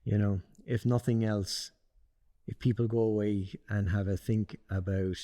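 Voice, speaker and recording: Low-voiced host in a reverberant room. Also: male voice, steady tone, warm tone. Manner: thoughtful, halting with fillers. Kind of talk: casual interview chat.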